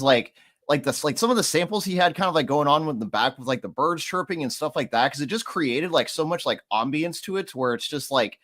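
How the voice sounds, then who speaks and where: A man co-reviewing a track on a livestream, rambling with many halting fillers. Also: mid-range voice, a bit bright. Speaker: co-host reviewer. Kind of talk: casual livestream music critique.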